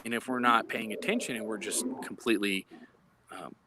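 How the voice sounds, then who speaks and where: A man's voice: lowish voice, fairly even intonation, a little fast, noisy background. A man in law enforcement speaking as a guest in a live chat over a phone, earnest and explanatory, often searching for words.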